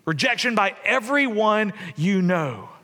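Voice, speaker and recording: Bright-voiced man preaching in a reverberant hall. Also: sits high, big pitch swings, unhurried. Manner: conversational storytelling, swings loud and soft. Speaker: pastor. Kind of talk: sermon. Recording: long reverb of a church hall.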